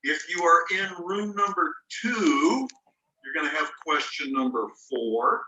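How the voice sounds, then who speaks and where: A man teaching a spelling lesson on a video call, his voice very bright and somewhat high. He walks through the rule patiently and spells words out letter by letter. He sits back from the microphone, and the room around him rings. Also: expressive, unhurried, dull audio. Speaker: ESL teacher. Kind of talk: online class lecture. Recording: roomy sound, mic at a distance.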